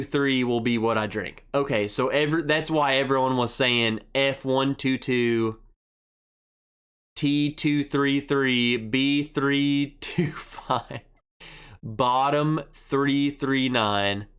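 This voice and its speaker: A man's voice: medium pitch, takes it slowly, fairly bright tone, clean tone. A young man hosting a casual live stream, rambling through an army story and reading viewer comments aloud. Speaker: livestream host.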